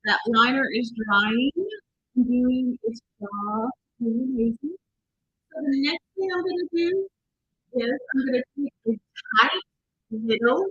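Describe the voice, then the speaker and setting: A woman's voice: high-pitched, measured pace, fairly bright tone, breathy edge, highs cut off. A woman demonstrating makeup in a casual tutorial, chatty and talking viewers through each step, sometimes quizzing them. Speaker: makeup artist demonstrating products.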